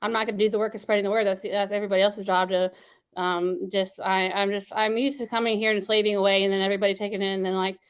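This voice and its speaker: Fast-talking rambling woman guest. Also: mid-range voice, level tone, clean tone. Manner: rambling, many restarts and "like"s. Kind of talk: casual interview talk.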